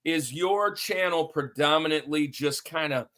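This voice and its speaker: A man's voice: a little high, measured pace, a bit bright. A man hosting a sports podcast in an upbeat, hype-building, somewhat rambling way. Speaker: podcast host.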